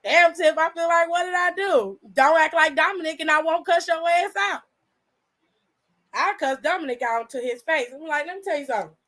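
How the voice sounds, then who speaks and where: A woman with a high, bright voice rants in a vlog. She is blunt and heated and curses constantly. She goes off in a fired-up, unfiltered reaction. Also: moderate pace. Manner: heated, blunt, heavy cursing. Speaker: wrestling reaction vlogger. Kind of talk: profane reaction rant.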